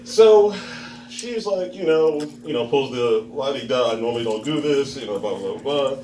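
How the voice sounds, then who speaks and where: At a bar open mic in front of a live crowd, a comedian in his thirties rambles through a stand-up story, acting out its characters and laughing at his own jokes. His medium-pitched voice is expressive and mellow, at a moderate pace. The distant, roomy mic captures the crowd and slight background noise.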